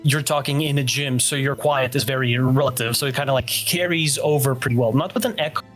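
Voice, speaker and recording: Laid-back game master, rambling, with soft music under it. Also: male voice, mid-range voice, steady tone, fairly quick. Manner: casual, rambling with fillers. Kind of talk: narrating a tabletop game.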